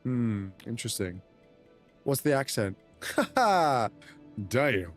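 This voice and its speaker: A man's voice: mid-range voice, sing-song, takes it slowly, long pauses, soft background music. A man hosting a live stream, chatting casually and reading viewer messages aloud, often restarting sentences. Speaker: streamer host.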